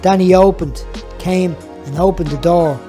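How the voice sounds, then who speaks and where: A man's voice: high-pitched, measured pace, dark tone, soft background music. A man reading his own book aloud, telling the story in a plainspoken, reflective way. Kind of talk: audiobook narration.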